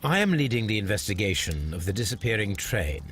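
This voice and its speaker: Game detective: shrewd, courteous, formal, low and animated. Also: male voice, fairly quick, slight background noise. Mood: composed. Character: shrewd, polite adult male detective. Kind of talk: video game voice acting.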